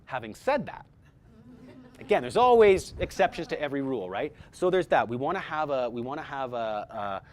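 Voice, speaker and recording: A man's voice: medium pitch, very animated, normal speed. A man teaching a voice-over workshop to a group, talking energetically with many fillers and repeated words. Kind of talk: casual workshop talk.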